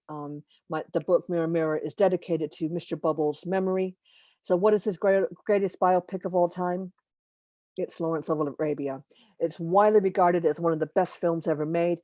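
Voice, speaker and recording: Using a computer mic on a video call, a woman with a low, mellow voice delivers an informal astrology lecture. She speaks haltingly, pausing often, correcting herself mid-sentence, and dropping opinionated asides, with dry, close, echo-free sound.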